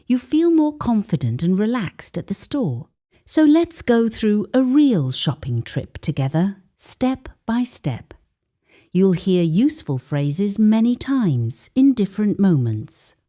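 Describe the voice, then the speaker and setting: A woman teaching an English lesson in a slow, clear, scripted way, reading example phrases with a higher lilt. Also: dark tone.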